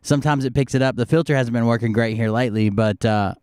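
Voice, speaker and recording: A man's voice: mid-range voice, fast, darkish tone, smooth, no echo, studio quality. A man hosting a live stream, rambling casually with lots of fillers and swearing, a little sick. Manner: loose, profane, filler-heavy. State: slightly sick. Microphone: close desk mic.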